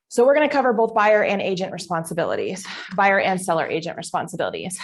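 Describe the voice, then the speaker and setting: A middle-aged woman teaching a live class in a chatty, informal way that rambles off track. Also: mid-range voice. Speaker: real estate instructor. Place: classroom with online attendees.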